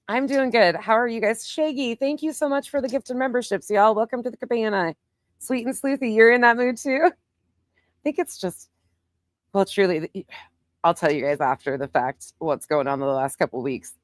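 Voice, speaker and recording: A woman hosts a casual livestream, reading viewer names in quick bursts and answering her chat with casual swearing. Her voice sits at an ordinary middle pitch, and the recording is dry and close, with almost no room sound. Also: no room sound. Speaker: livestream host. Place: home, with planes passing overhead.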